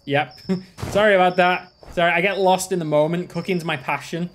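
A man's voice: sits high, steady tone, normal speed, fairly bright tone, a little hiss or hum. A man hosting a gaming channel, playing a game with joking, self-mocking commentary.

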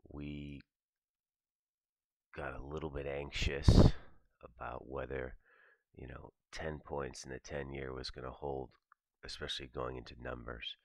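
A man with a gravelly, very deep voice delivers a morning market commentary in a relaxed, profane, stream-of-thought manner. The recording is dry, with no room sound around him. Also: no room sound. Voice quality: gravelly, very low voice. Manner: casual, profane, thinking aloud. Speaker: trading commentator.

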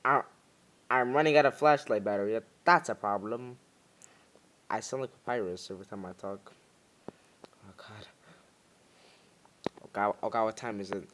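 A man's voice: lowish voice, normal speed, pauses often, fairly bright tone. A man giving jumpy, muttering commentary while playing a horror game, bursting into panicked yelps when scared. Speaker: gaming YouTuber.

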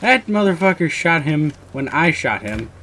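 A young man giving live commentary on his own gameplay, muttering one moment and yelling curses the next. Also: fairly high pitch, sing-song, moderate pace, slight background noise. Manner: swings from muttering to loud swearing rage. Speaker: gamer recording his match.

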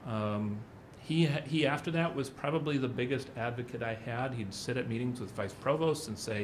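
A man's voice: mid-range voice, moderate pace, hardly any pauses, a little hiss or hum. A middle-aged man giving a conference talk, telling rambling anecdotes and acting out what others said. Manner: rambling storyteller who acts out quotes. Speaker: conference speaker.

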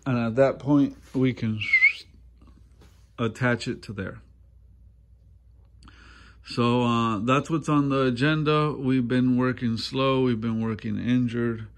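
A man's voice: medium pitch, slow pace, long pauses, slight background noise. Easygoing man showing an engine swap. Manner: relaxed, many ums and uhs. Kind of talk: casual walkthrough narration. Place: garage workshop.

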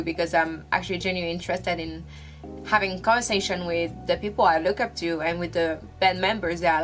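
A young woman talking to camera from her room in a casual, emotional vlog, halting with restarts and fillers. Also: lowish voice, fairly bright tone. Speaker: vlogger.

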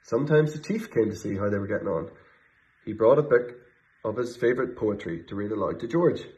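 A man reading a children's picture book aloud in a gentle, expressive way, filmed on a phone or camera for an online video, with slightly muffled sound. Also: on the low side, fairly quick. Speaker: storybook reader.

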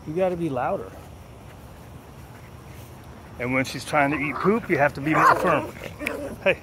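A man with a slightly high voice chats casually while training dogs outdoors. He drifts between loose storytelling and clipped, firm commands to the animals. Faint noise sits under the recording. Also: unhurried. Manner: talks to his dogs between stories, firm commands and baby talk. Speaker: dog trainer.

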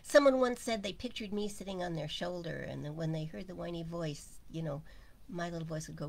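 A woman giving an informal spiritual talk, speaking slowly and musing aloud, often sinking to a near whisper. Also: fairly low pitch, sing-song, gravelly. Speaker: spiritual teacher.

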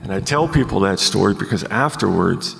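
A man in his forties earnestly telling his life story as a podcast guest, halting with many ums, recorded live at a conference. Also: deep voice, animated, gravelly, long reverb tail, background noise.

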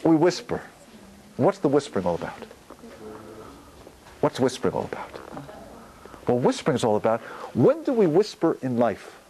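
Animated rabbi, lively lecturing man. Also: medium pitch, moderate pace, pauses often, slight background noise, rough recording. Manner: animated, gestures while talking, asks and answers own questions. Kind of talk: Torah lecture on prayer.

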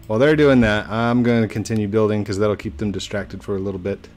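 A man's voice: on the low side, fairly even intonation, quick pace, a little mellow, faint music behind. Playful young man narrating gameplay. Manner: playful, chatty, laughs often. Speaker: gaming YouTuber. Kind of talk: casual gameplay commentary.

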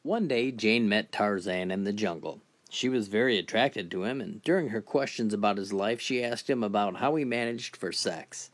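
A man telling a string of crude jokes in a steady, scripted narration voice. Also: lowish voice, moderate pace, hardly any pauses. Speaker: joke teller.

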